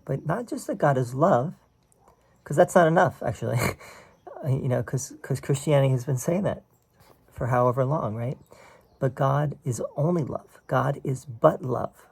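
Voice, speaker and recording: Guy explaining spiritual lessons casually, keeps saying right?, kinda raspy gravelly voice. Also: mid-range voice, normal speed, darkish tone. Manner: conversational, often asks "right?"; explains quoted text line by line. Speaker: spiritual teacher. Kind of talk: casual teaching talk.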